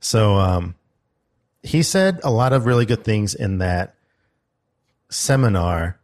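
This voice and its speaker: Young man, low voice, casual storytelling, relaxed chat. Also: slow. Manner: storytelling, quoting a loud instructor in his telling.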